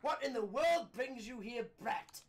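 A woman's voice: on the high side, animated, unhurried. Brief: a woman doing a haughty posh British tycoon in a game, scornful and clipped, slightly distant mic. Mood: haughty scolding. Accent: posh British, put on. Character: pompous posh old businessman, impatient, scornful.

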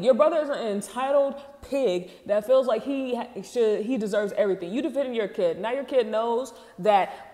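A woman in the middle of her pitch range talks casually as she hosts, reading posts aloud and tossing in slangy, candid reactions. Her voice trails off into a long reverb. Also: mellow. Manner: chatty, candid, quick reactions with laughs and slang.

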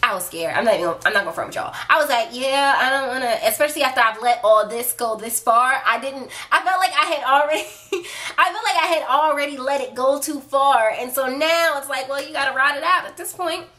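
Bright, high-voiced young woman telling a story. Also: brisk. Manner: animated, chatty storytelling, addressing viewers directly. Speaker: vlogger. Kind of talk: casual storytime chat to camera.

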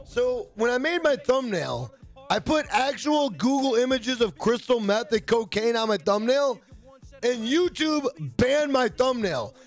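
A man's voice: very high voice, lively intonation, a little slow, faint music behind. A man live-streaming a game, chatting casually and profanely while reading viewers' messages aloud. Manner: rambling, profane, jokey, reads chat aloud. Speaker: gaming streamer.

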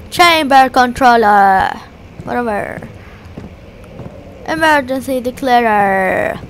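A woman's voice: high-pitched, a bit bright, a little hiss or hum. A woman giving playful, jokey let's play commentary, talking to the objects in the game. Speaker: gamer.

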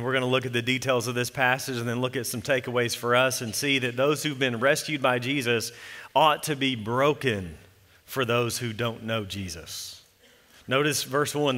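A man preaching an earnest expository sermon as pastor, reading scripture slowly and softly. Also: mid-range voice, long reverb tail. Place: church sanctuary.

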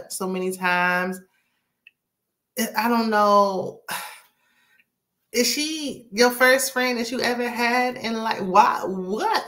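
A woman's voice: medium pitch, sharp tone. A woman giving a casual, sassy recap of a reality show, chatty with frequent asides. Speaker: TV recap host.

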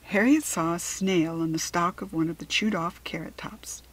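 A woman reading a children's storybook aloud in a soft, often whispered narration. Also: lowish voice, normal speed, low-quality recording. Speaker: children's book reader.

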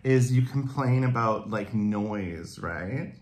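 A man hosts a casual comedy chat, teasing his guest in a deadpan, playful way. He talks at a slow, unhurried pace. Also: fairly low pitch. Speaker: comedian host.

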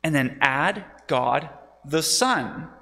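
A male pastor delivers a sermon in a deliberate, unhurried way, with a gravelly edge to his fairly high voice. He teaches as he goes and keeps putting questions to the congregation. His words ring out with the long reverb of a church sanctuary. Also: lively intonation, sharp tone.

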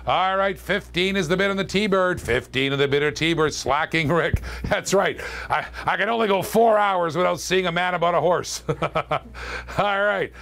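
A man's voice: high-pitched, vocal fry, a bit bright. Joking man calling a live auction. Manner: chatty, joking, fast auction calls with laughs. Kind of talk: live-stream auction patter.

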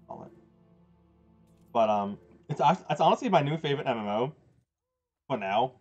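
A young man chatting casually to his live-stream viewers while playing a game, rambling, excitable and quick to laugh. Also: medium pitch, breathy edge. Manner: rambling, excitable, laughs often, talks to chat. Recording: dull lo-fi stream audio with game music. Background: game music.

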